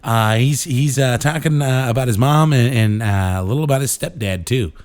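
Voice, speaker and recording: A male podcast host setting up the next clip in a relaxed, rambling way. He talks at an ordinary pitch and pauses on fillers. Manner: loose, with many fillers. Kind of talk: casual show introduction.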